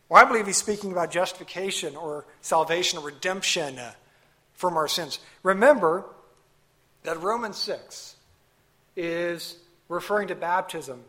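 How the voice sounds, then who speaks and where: Man, pastor, sermon, bright tense voice, somewhat high, emphatic, rhetorical questions.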